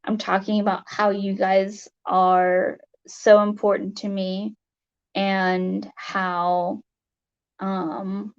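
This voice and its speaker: A woman livestream host chatting casually to her viewers, emotional and teary, halting with many fillers. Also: mid-range voice, little pitch movement, muffled recording. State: teary, sniffling. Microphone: webcam mic.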